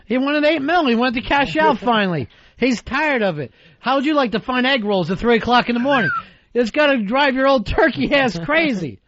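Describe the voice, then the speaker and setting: High-voiced profane radio co-host man. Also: animated, fairly quick, fairly bright tone. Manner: profane, blunt, laughs while ranting. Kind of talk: crude comic radio banter. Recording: slightly dull broadcast audio with faint music.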